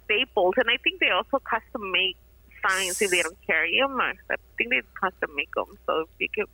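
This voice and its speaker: A woman's voice: mid-range voice, expressive, brisk, pushed and bright. A woman working as a store clerk, answering a caller's questions helpfully with lots of fillers, heard over a phone line.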